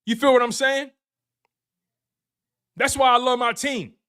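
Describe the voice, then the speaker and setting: He speaks unhurriedly in a very high-pitched, flat delivery, with a bright, forceful, clear and resonant tone. As host of a sports recap live-stream, he's hyped, talks right to his chat, repeats phrases for emphasis, and handles super chats.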